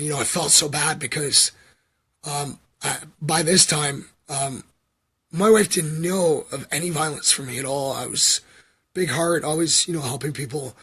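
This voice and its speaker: A man from Canada talks to his livestream viewers in a loose, meandering way, full of ums and likes. His voice is a bit husky and sits slightly high for a man. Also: fairly bright tone. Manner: filler-heavy, meandering, frequent ums and likes. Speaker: livestream host. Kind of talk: rambling livestream storytelling.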